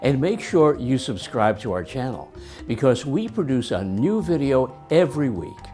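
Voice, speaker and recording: Relaxed American man giving examples. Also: medium pitch, normal speed, soft background music. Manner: relaxed, short example phrases. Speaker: co-host. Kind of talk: lesson demonstration.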